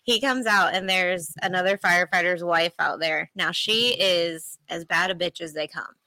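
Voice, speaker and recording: A woman tells a story on a podcast with a bright, forthright voice. She talks bluntly and swears freely. Her voice sounds close and dry, with no room around it. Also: lowish voice, moderate pace, dry recording. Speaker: podcast co-host. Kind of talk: casual podcast chat.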